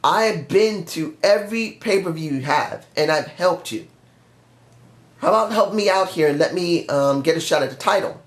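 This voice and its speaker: A frustrated male wrestler who pleads earnestly and stumbles over his words, as a man acts him out. His voice is slightly high and close to everyday speech. An echoey room surrounds him. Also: normal speed, natural voice. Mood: pleading. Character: frustrated male wrestler demanding a title shot. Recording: roomy echo.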